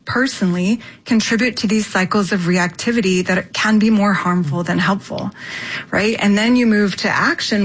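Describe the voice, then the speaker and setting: A woman's voice: medium pitch, rough recording. Earnest woman explaining on radio. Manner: earnest, explanatory, often ends points with "right?". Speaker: guest expert. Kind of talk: radio interview.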